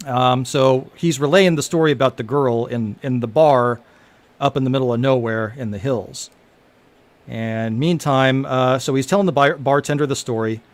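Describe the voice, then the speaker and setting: A man reads out a script he wrote in a loose, casual way. He often stops and restarts and fills gaps with ums. His pitch sits in the middle for a man. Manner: halting, laughing, many fillers. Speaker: amateur screenwriter reading his script. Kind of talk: casual script reading to friends.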